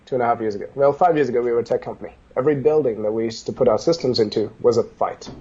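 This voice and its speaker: Animated storytelling man, husky warm voice. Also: mid-range voice, rapid-fire, dull audio. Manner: animated, acts out dialogue in stories. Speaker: business guest. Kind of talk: casual interview storytelling.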